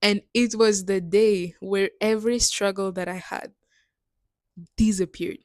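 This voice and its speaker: Young woman, middle-pitched voice, earnest testimony, dry close sound. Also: steady tone, measured pace, dry recording. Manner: earnest, emotional, laughs between lines. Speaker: missionary sharing testimony. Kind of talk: personal faith testimony.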